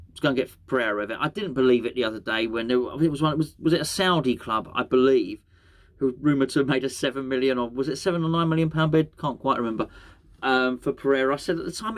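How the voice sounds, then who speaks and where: Male solo football podcast host, middle-pitched, casual, rambling with self-corrections.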